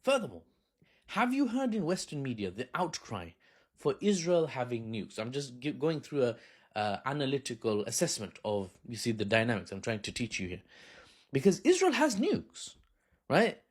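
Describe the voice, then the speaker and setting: A man's voice: mid-range voice, huge pitch swings, moderate pace, husky. A man giving casual political commentary in a sarcastic, mocking way, with chatty slang.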